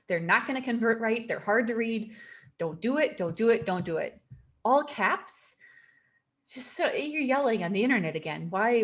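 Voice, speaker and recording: A woman leads an online career webinar, speaking at a middling pitch. Her talk is emphatic and she repeats her warnings, with an easy laugh between points. She sounds like a video call. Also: a bit bright. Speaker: webinar presenter. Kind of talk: presenting a webinar on resumes.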